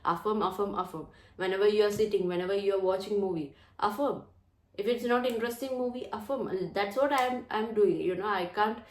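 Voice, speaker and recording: A woman hosting her own channel, talking in an earnest, chatty way and often repeating phrases. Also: medium pitch. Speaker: channel host. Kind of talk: casual chat to camera. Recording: roomy echo.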